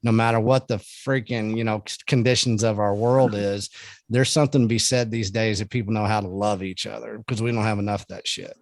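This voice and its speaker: A man's voice: fairly low pitch, steady tone, a little fast, dry recording. A middle-aged man talking earnestly in casual conversation, often ending his points with "man". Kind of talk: casual chat.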